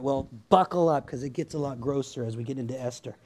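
A man's voice: mid-range voice, fast talker, darkish tone, a little hiss or hum. A man preaching a sermon in a casual, conversational way, often checking in with "right?" and laughing along with his listeners. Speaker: pastor.

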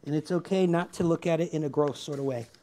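A male pastor with a slightly raised pitch who preaches like he's chatting with friends. He leans on quick asides, small jokes and a constant "right?" to keep the room with him. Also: mellow. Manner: conversational, keeps asking "right?", laughs often. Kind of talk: sermon.

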